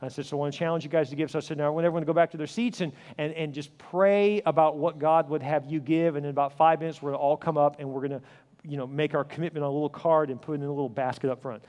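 A middle-aged male pastor telling a story in a sermon, acting out the dialogue and swinging from loud to hushed. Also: a little high, fairly even intonation, racing. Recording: long hall reverb.

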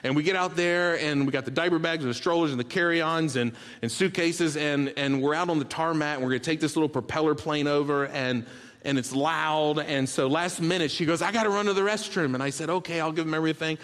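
A man preaching a sermon, telling family stories with lively bursts and then dropping to a hushed, earnest tone. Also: fairly high pitch, brisk. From Bahamas. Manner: storytelling, swings from loud animated bursts to hushed earnest tones. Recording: long reverb of a large hall.

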